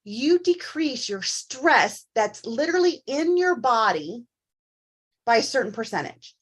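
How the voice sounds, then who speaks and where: A woman co-hosting a casual talk show, telling personal stories in an animated, candid way. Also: a little high, a little slow, husky. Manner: animated storyteller, acts out quoted voices. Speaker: co-host. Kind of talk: casual chat.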